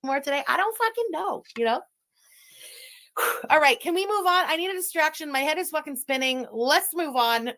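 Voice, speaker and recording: Female streamer clip; animated pitch, cursing, emotional off-the-cuff talk. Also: moderate pace. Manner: profane, emotional, rambling. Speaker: online streamer in a played clip. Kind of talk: casual rambling monologue.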